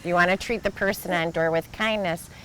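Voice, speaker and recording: A woman's voice: fairly low pitch, steady tone, a little fast, a bit bright, rough recording. A woman chatting casually, mostly giving brief, agreeable replies and explaining how things work. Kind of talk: casual chat. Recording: faint background noise.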